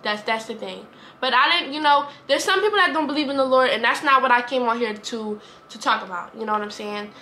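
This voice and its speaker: Woman vlogger, earnest rambling talk, bright crisp voice, faint hiss. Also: a little high, a little fast. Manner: earnest, rambling, repeats herself. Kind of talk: heartfelt casual talk to camera.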